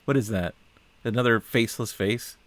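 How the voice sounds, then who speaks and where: A man's voice: mid-range voice, moderate pace, fairly bright tone, no room sound. A man giving casual reaction commentary on a film. He sounds puzzled and exasperated, asks question after question, and often trails off and restarts his sentences.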